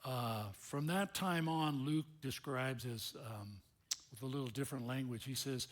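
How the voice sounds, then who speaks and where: A male pastor preaching a sermon in an animated, conversational storytelling manner. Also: mid-range voice, unhurried.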